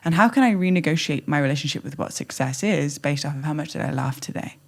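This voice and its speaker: A woman talking as a podcast guest in an animated, playful way, acting out little scenes as she speaks. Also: sits low, fast talker, creaky. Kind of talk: conversational interview.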